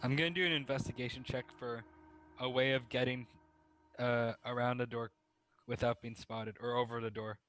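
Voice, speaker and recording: A man playing a tabletop game, making quick, eager quips. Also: medium pitch, fairly even intonation, fairly bright tone, low-quality recording. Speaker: player. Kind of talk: casual tabletop game play.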